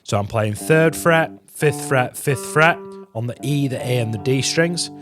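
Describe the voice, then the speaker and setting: A man's voice: mid-range voice, measured pace. A man teaching a guitar lesson, chatty and encouraging, counting beats aloud as he explains. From England. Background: guitar playing.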